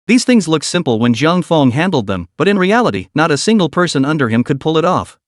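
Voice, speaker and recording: Male narrator for a story recap, lively delivery with a wide pitch range and dry close sound. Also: a little fast, no echo. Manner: animated storytelling, voicing all the characters' lines.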